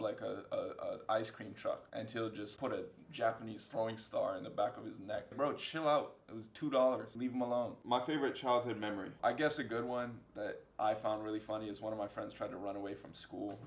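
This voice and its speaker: A man's voice: lowish voice, steady tone, brisk, creaky, few pauses, echoey room. A man in his twenties answering fan questions in a casual vlog, rambling through funny stories and laughing at himself. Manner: joking, rambling storyteller who laughs at himself. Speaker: social media creator answering fan questions. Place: indoor room with a fill light.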